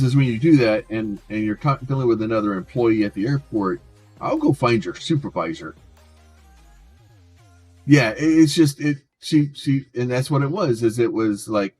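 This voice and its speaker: Husky-voiced man rambling on stream. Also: medium pitch, expressive, moderate pace, darkish tone, soft background music. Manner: rambling, repeats and restarts words. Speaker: game streamer. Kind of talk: casual chat while gaming.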